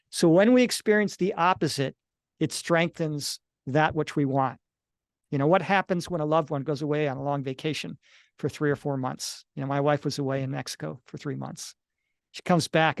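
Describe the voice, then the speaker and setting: Earnest higher-voiced man explaining. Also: vocal fry, dry recording, studio quality. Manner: earnest, explanatory, acts out little quoted dialogues. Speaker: author and near-death experience analyst, guest. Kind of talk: interview answers, reflective explanation.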